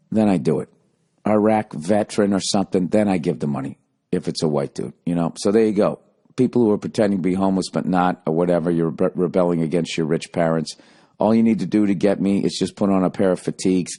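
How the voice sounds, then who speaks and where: A man's voice: on the low side, dark tone. A man telling a rambling, profane comic story in a casual monologue. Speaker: podcast host.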